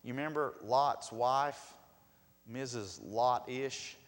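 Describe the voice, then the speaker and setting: Preacher guy, lively, loud then hushed, big echoey church hall. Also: mid-range voice, slow pace. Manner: lively, questioning the congregation, swings from loud to soft. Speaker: pastor. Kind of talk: sermon. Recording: long hall reverb.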